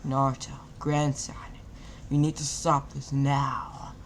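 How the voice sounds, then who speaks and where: A man voicing an old male ninja grandfather in a fan-made anime story, speaking low and hushed, partly in a whisper. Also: completely flat delivery, slow pace, slight background noise, lightly acted. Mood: grave.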